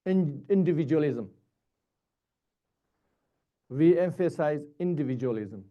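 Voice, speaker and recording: A man giving a Buddhist dharma teaching in short, halting, repetitive phrases. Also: a little high, expressive, dull audio.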